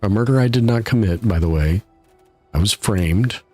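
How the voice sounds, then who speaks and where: A man's voice: fairly low pitch, normal speed, dark tone, slightly rough, soft background music. A man casually commenting while he streams a game live, chatty and laughing at his own troubles from his home setup. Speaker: gaming streamer.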